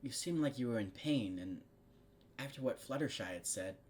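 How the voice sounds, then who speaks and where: A man's voice: medium pitch, animated, moderate pace, a little hiss or hum, natural voice. A man reading a sheepish young guy. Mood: earnest. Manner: sheepish, fumbling. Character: awkward young human man, sheepish boyfriend.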